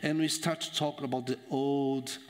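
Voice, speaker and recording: A man preaching a sermon in a church, dramatic, swinging from loud emphasis to hushed tones. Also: mid-range voice, steady tone, moderate pace, in a large hall.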